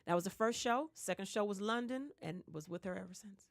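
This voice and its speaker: A woman's voice: fairly quick, creaky, no room sound, clean studio sound. A woman with a Detroit accent, a singer, telling stories in a casual radio interview and acting out the voices of the people she quotes. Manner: animated storyteller, acts out quoted voices with big pitch jumps. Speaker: guest singer. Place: radio studio. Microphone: studio microphone.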